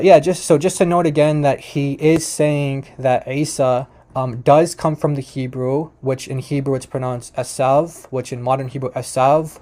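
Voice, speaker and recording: Mellow-voiced man in rambling commentary. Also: medium pitch. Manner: rambling, full of restarts and "like", chuckling at claims. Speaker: commentator reacting to debate clips. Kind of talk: casual commentary over a screen share.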